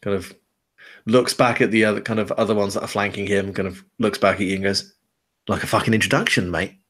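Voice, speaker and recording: A man's voice: on the low side, flat delivery, fast. A man narrating a tabletop game as game master, casual and rambling. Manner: casual, rambling, many fillers.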